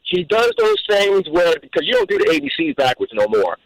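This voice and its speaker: A man calling in to a radio show, telling a personal story in an animated way, with repeated words and restarts. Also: fairly high pitch, a little fast, vocal fry, no room sound, low-quality recording. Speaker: caller.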